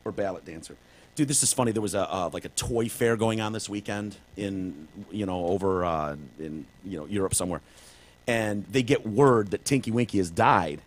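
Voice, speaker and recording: A man with a lowish voice co-hosts a casual comedy podcast at a moderate pace. He tells stories jokingly and every so often slips into silly put-on accents.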